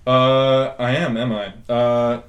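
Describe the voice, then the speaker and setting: A man's voice: mid-range voice, little pitch movement, slow. A man playing in a tabletop game, chatty and thinking aloud about his turn. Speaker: player. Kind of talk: casual tabletop game play.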